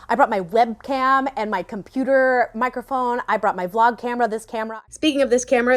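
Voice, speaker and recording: A young woman vlogger telling a personal story candidly, laughing often and acting out what she said to herself. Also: on the high side. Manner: candid, laughs often, acts out her own past words. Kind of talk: personal confessional vlog.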